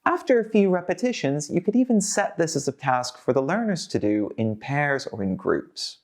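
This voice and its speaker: A man presenting as a teacher trainer in a scripted teaching video, energetic and modelling sentences for learners to repeat. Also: fairly high pitch, moderate pace.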